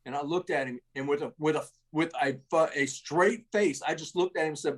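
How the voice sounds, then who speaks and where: A man's voice: on the high side, fairly quick, few pauses. A middle-aged man, an army veteran, telling war stories in a rambling, salty way, full of restarts and tags like "man" and "right?". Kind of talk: casual war storytelling.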